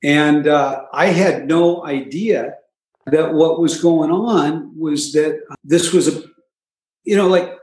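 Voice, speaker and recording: A man's voice: a little high, takes it slowly, darkish tone. A man casually telling his recovery story, with wry, self-mocking humor and frequent asides. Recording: echoey room.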